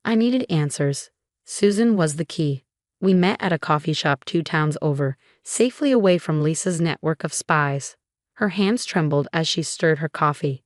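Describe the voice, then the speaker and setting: A woman reading a dramatic first-person revenge story as a scripted narration, measured and even. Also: sits low, no room sound, clean studio sound.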